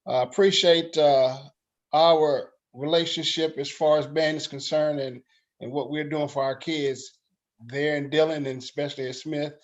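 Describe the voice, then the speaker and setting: A man's voice: on the high side, fairly even intonation, moderate pace. A man courteously greeting a colleague and asking him a question about teaching band. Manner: polite and courteous. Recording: dull lo-fi sound.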